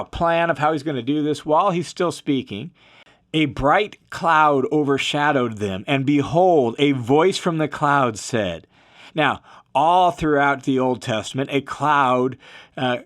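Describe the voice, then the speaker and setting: A man teaching through a Bible passage verse by verse, in a relaxed, explanatory way with casual asides. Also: a little high. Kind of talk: conversational verse-by-verse Bible commentary.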